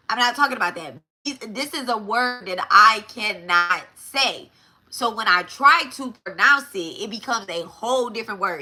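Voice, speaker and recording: A woman's voice: medium pitch, sharp tone. A woman hosting a spiritual talk show, teaching in a chatty, repetitive way and often checking in with her listeners with "right?". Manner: chatty, repeats herself, keeps asking "right?". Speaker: spiritual podcast host.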